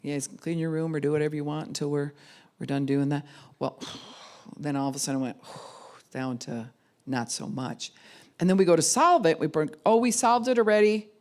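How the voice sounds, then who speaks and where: A woman's voice: low voice, a little fast, darkish tone. A middle-aged woman pastor giving a conversational sermon, acting out the people she quotes. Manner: conversational, acts out quoted voices. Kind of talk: sermon teaching.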